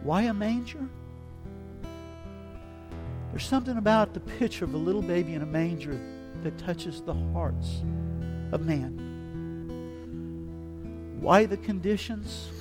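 A man preaching a sermon with dramatic delivery, swinging between hushed reflection and loud, emphatic passages. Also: high-pitched, animated, measured pace, pauses often, over music.

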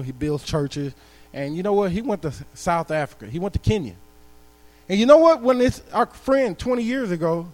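A man's voice: fairly high pitch, darkish tone. A man preaching a sermon in a church, building to emphatic calls to the congregation. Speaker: guest preacher. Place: church sanctuary.

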